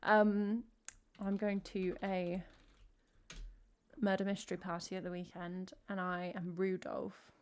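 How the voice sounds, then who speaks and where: A woman's voice: mid-range voice, little pitch movement, slow, a little mellow, slight background noise. An English woman talks casually between songs in a mid-range voice, the way a singer-songwriter chats with her stream. Her speech rambles and circles back on itself, with many "like" fillers as she thinks aloud. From England.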